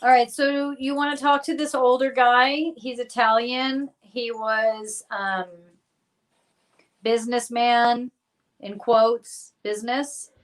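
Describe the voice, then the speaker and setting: A woman doing a remote-viewing reading, speaking hesitantly and pausing to search for words. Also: on the high side, steady tone, low-quality recording. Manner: hesitant and searching, pauses with fillers. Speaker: remote viewer. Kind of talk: psychic reading over a live stream.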